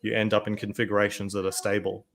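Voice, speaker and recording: Man, gravelly voice, lowish pitch, casual musing. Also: monotone, fairly bright tone. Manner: speculative, questioning, quick asides. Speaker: podcast co-host. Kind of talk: casual chat.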